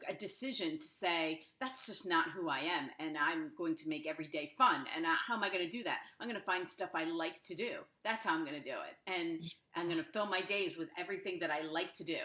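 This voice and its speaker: A woman's voice: on the low side, reverberant. A woman hosting a podcast, chatting casually and animatedly, acting out her own thoughts and laughing often. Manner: animated, laughing, talks herself through quoted thoughts. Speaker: podcast host. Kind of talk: casual conversation.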